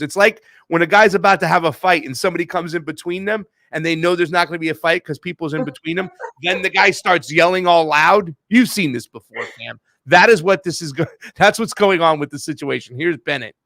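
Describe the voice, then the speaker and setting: A man's voice: on the high side, fairly quick, hardly any pauses, bright, forceful tone, no room sound. A man hosting casual political commentary, slangy and mocking, often laughing and calling his viewers fam. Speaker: host.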